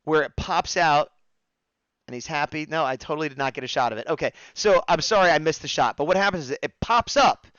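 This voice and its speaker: A man hosts a casual review show, talking through scenes with animated energy and slipping into the characters' lines as he goes. His voice sits a little high for a man. The recording is dry and slightly dull, like a lo-fi stream mic. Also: a little fast, clear, resonant tone, no echo. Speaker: podcast host reviewing episodes. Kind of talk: casual chat.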